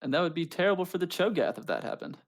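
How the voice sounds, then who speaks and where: A man's voice: high voice, very animated, rapid-fire, creaky. A man casting an amateur esports match in a laid-back, chatty way, with self-mocking humor. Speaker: esports caster. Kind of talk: casual esports commentary.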